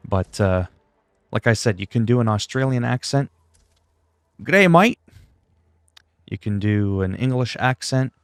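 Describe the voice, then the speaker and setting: A man's voice: fairly low pitch, normal speed, darkish tone, clean tone, no echo, studio quality. A young man streaming a game and chatting casually, rambling with lots of fillers and self-deprecating jokes. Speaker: gaming streamer. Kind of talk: casual livestream chat while gaming.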